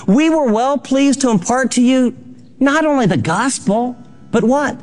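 High-voiced man preaching fervently. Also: expressive, measured pace. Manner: fervent, exhorting, swings between soft and loud. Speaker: pastor. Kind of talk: sermon.

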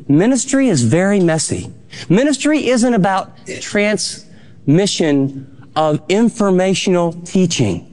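Pastor, male, high voice, fervent sermon delivery, exhorting. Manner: fervent, exhorting, swings between soft and loud.

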